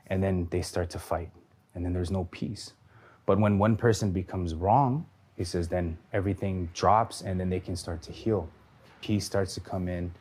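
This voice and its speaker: This is a man with a very low voice telling his own story. He talks earnestly and gives the people in his story their own lines. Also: darkish tone. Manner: earnest storytelling, acting out dialogue. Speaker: testimony speaker. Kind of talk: personal testimony.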